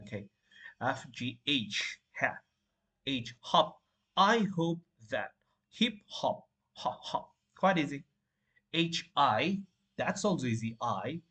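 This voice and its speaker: Husky man drilling English letter sounds. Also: mid-range voice, big pitch swings, bright, forceful tone. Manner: repeats sounds and words slowly, with fillers like "you know" and "all right". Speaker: English pronunciation teacher. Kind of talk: spoken lesson, drilling single words.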